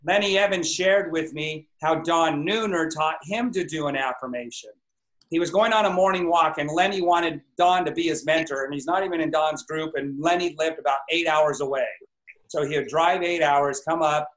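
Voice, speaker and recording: A man's voice: on the high side, moderate pace, a bit bright, reverberant, poor audio. A man coaching a group on a video call, talking with lots of energy and bursting into exclamatory affirmations. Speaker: network marketing coach.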